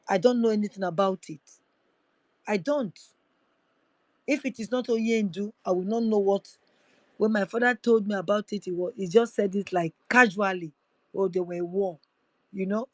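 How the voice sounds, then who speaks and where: A woman's voice: medium pitch, no room sound, poor audio. A woman hosting a livestream, urging listeners in a fervent, repetitive way. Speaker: livestream host. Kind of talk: impassioned activist address.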